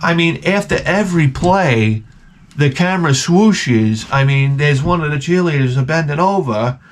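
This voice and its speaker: A man's voice: on the high side, expressive, measured pace. Profane rambling storytelling man. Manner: rambling, profane, with acted-out quotes. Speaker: channel host. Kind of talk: comedic storytelling rant.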